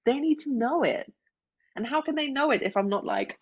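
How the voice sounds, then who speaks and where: A woman's voice: high-pitched, expressive, moderate pace. A woman guest who is a life coach, talking openly and from the heart, often saying "like" and "right?". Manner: open, heartfelt, frequent "like" and "right?". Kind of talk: casual interview chat. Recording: dull lo-fi audio.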